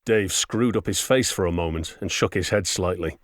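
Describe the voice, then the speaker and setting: A man narrating a science fiction audiobook in a steady, wry storytelling manner. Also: low voice, moderate pace, hardly any pauses, no room sound, clean studio sound. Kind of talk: scripted narration.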